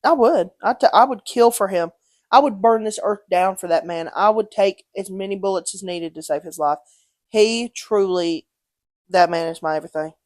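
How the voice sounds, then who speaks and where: A woman's voice: medium pitch, normal speed, dry recording. Woman co-host, casual storytelling, salty language, dry mic. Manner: animated storytelling, swears freely, acts out quotes. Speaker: podcast co-host. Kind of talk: casual chat.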